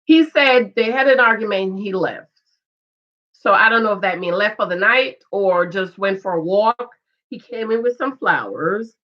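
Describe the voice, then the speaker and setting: A woman's voice: mid-range voice, normal speed. A woman recapping a reality TV show in a casual, gossipy, opinionated way, with asides to her viewers. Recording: dull lo-fi sound.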